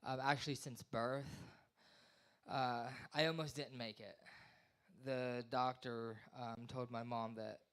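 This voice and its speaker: A man's voice: medium pitch, level tone, takes it slowly, a bit bright, smooth. A man in his thirties works through an open-mic stand-up set. He rambles, mocks himself and slips into silly voices for the characters in his jokes. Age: 30s. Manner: rambling, self-deprecating, acts out voices. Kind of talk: stand-up comedy. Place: small live venue.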